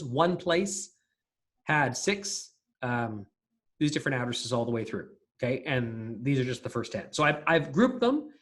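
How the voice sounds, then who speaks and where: A man lectures in a recorded coding class in a fairly high, somewhat bright voice. He's casual, reasoning aloud with fillers and restarts.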